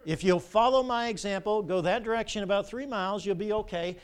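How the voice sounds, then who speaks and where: Man voicing a hushed matter-of-fact swimmer, detached, lower and softer, sermon story. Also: fairly quick, smooth, lightly acted. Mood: calm. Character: calm man teaching by example, detached.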